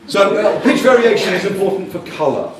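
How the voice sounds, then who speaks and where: A man giving a lively, jokey presentation at a coaching conference, often acting out voices. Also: sits high, fairly quick, crowd noise. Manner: animated, jokey, acts out voices. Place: large hall. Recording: echoey hall, mic far off.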